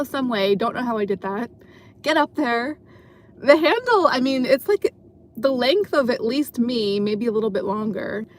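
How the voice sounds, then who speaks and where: A woman's voice: fairly high pitch, a little hiss or hum. Chatty woman rambling on a night drive. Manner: rambling, lots of fillers and self-corrections. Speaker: live streamer. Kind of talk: casual storytelling chat. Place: car at night while driving.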